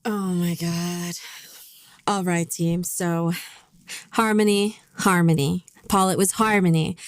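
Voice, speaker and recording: A woman's voice: medium pitch, smooth, no echo. A woman co-hosting a podcast, chatting casually and telling stories with big emotion. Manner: animated, emotional storyteller. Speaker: podcast co-host. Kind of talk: casual chat.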